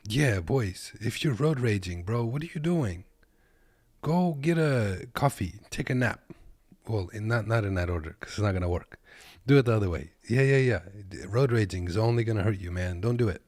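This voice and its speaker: Man from Kazakhstan, trucker, joking reaction commentary, very deep voice, dry close sound. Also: animated, moderate pace, darkish tone, no echo. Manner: laid-back, joking, talks to viewers as "boys". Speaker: truck driver and reaction video host. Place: at his desk.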